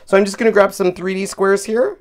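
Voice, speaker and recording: A man's voice: high-pitched, fairly even intonation, brisk. A man hosting a live craft tutorial, chatting step by step and thinking aloud as he lays out a card. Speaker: craft host demonstrating card making.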